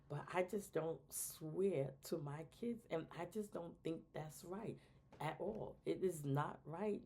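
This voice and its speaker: A middle-aged woman talks casually as a show co-host, giving advice on parenting. Her voice sits low and mellow with a gravelly edge. She animates her points by slipping into quoted voices of other people. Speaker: podcast co-host.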